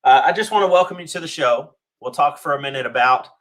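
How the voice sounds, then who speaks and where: A man's voice: a little high, quick pace, fairly bright tone. A man hosting a local radio talk show, slightly out of breath, rambling with many fillers and restarts. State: a little out of breath. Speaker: host.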